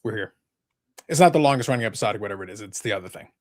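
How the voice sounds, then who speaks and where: A man's voice: lowish voice, lively intonation, very fast. A man hosting a live podcast, talking casually in a rambling, sarcastic, joking way. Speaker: podcast host.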